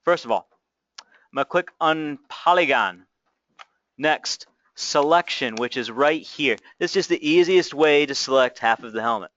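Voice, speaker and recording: Casual male tutorial host, reassuring step-by-step patter, smooth voice, slightly dull lo-fi recording. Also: a little high, normal speed, fairly bright tone, no echo. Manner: chatty, reassuring, narrates each click.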